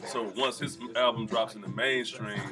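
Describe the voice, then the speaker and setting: A man's voice: mid-range voice, fairly even intonation, normal speed, music in the background. A man from a rap group, explaining things in a laid-back, rambling way during a casual radio interview. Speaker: rapper, group member.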